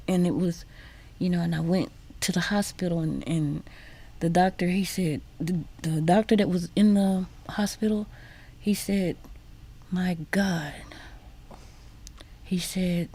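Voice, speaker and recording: A woman speaks into a studio microphone as a radio guest, in a slow, mellow, rather dark voice. She talks haltingly and often repeats her words. At times her voice sinks to a near whisper. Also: fairly low pitch. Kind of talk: personal testimony in a radio interview.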